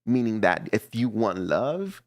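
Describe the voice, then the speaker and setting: A man giving a casual tarot reading to camera, animated and teasing, often laughing and acting out little voices. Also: lowish voice, a little slow, no room sound. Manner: teasing, playfully scolding. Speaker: tarot reader.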